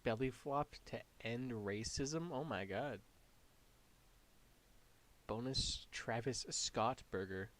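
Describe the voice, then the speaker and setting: A man's voice: medium pitch, slow, pauses often, a bit bright. A man giving casual reaction commentary and reading titles aloud, amused. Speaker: reaction video host.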